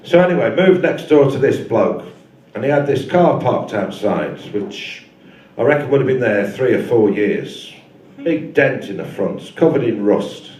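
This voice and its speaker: A man's voice: mid-range voice, animated, a little slow, darkish tone, slight background noise. A male stand-up comedian doing a live set, telling a rambling story with dry asides. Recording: echoey live room from far off.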